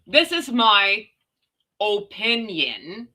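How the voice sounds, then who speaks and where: Slow, bright-voiced sarcastic woman. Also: medium pitch, very animated, low-quality recording. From United States. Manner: chatty, sarcastic, emphatic. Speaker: host. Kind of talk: livestream commentary reading chat comments.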